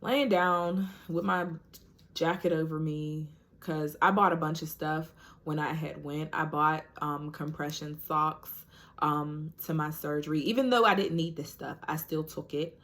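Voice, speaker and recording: Speaking straight to her audience, a woman vlogger shares a personal story in a casual, chatty way, dropping in plenty of "like" and "you know." Her voice is somewhat low and her delivery unhurried.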